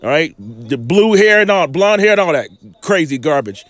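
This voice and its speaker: A man's voice: on the high side, very animated, normal speed, no echo. A man giving informal scripture teaching, reading verses aloud and breaking in with emphatic rhetorical questions. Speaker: Bible teacher.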